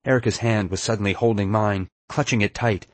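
A man reading a first-person adventure story aloud in a steady, measured way. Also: on the low side, no echo. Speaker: audiobook narrator. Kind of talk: scripted first-person narration.

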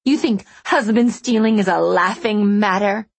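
A woman's voice: high voice, sing-song, takes it slowly, slightly rough, no echo, voice pushed up, exaggerated voice. A woman narrator voicing a furious, jealous middle-aged blonde woman who shrieks and sneers insults. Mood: shrieking, enraged.

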